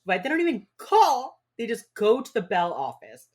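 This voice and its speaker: A woman's voice: on the high side, huge pitch swings, normal speed, a little mellow. A woman co-hosting a podcast, recapping a TV episode in casual chat with wry, dry asides. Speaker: podcast co-host.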